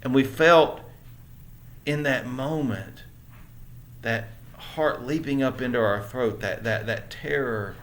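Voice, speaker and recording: A man's voice: medium pitch, takes it slowly, a bit bright. A man with a Southern American accent teaching a church Bible lesson in an earnest, conversational way, often turning to his listeners with questions. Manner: earnest, conversational, with many restarts; asks listeners rhetorical questions.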